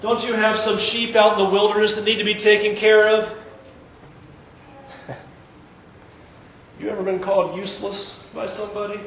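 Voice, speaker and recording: A man preaching, retelling a story with lively, acted-out dialogue. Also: high-pitched, normal speed, pauses often, roomy sound, dull audio, slight background noise. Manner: animated retelling, acting out quoted characters. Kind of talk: sermon storytelling.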